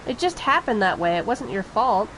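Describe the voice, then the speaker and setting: A woman's voice: mid-range voice, sing-song, moderate pace, a bit bright, slight background noise, poor audio. A woman voicing an easygoing young male thief, reading game dialogue aloud in a teasing, reassuring way.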